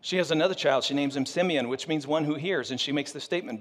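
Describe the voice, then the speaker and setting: A pastor telling a story in a humorous sermon, animated and joking with his audience. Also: on the high side, fast, big-room sound.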